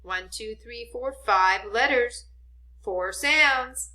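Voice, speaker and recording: Slow, bright-voiced woman teaching phonics. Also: on the high side. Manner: sounds out letters slowly, gently reassuring. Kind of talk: slow phonics spelling lesson for children.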